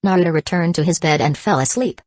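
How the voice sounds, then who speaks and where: A woman narrating an audiobook in an even, steady reading. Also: sits low, quick pace, dry recording.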